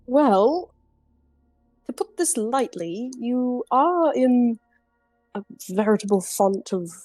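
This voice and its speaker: A prim, formally spoken young woman scholar, played by a woman at a game table. She talks slowly, and her pitch rises and falls a lot. The sound is dry and close, with faint music behind. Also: expressive, a little mellow, no echo. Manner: formal, polite and slightly prim. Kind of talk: playing a character in a tabletop game.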